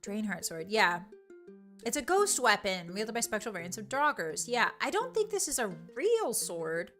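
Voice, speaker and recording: A woman's voice: medium pitch, very animated, unhurried, a bit bright, faint music behind. A young woman streaming live, chatting casually and reading her chat, playful, giggly and teasing. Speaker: virtual streamer.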